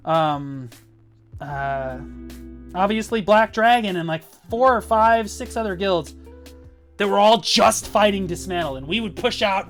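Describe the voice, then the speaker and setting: A man talking casually on a livestream as a guild leader, rambling and swearing as he tells boastful stories. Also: high-pitched. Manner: profane, rambling, boastful storytelling.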